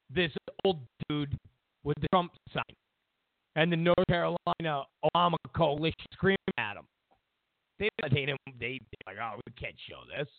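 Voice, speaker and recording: A man hosting a political commentary show, ranting in a mocking, animated way over a phone line. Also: fairly high pitch, no echo. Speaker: host.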